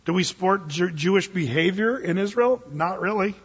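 Husky-voiced pastor preaching in a reverberant hall. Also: male voice, high-pitched, lively intonation, moderate pace. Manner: conversational, folksy preaching with dramatic Bible readings. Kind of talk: expository sermon. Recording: dull lo-fi recording with long reverb.

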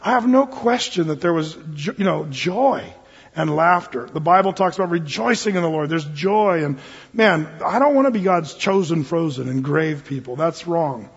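A man with a high, husky voice delivers a sermon as pastor. He jokes his way through the teaching in a loose, conversational manner, and the sound is dull and lo-fi with a long reverberant hall tail. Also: animated, moderate pace. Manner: joking, conversational preaching. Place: church sanctuary.

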